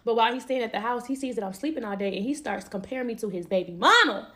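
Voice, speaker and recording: Young woman, casual storytime, very fast, slightly high voice, animated, slangy. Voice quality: animated, emphatic, quick to laugh. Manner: slangy and expressive, acting out quoted lines.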